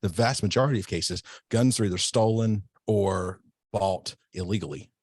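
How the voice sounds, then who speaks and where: Very deep-voiced self-defense instructor. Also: male voice, normal speed, no room sound. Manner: relaxed, rambling, self-correcting. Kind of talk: casual podcast interview.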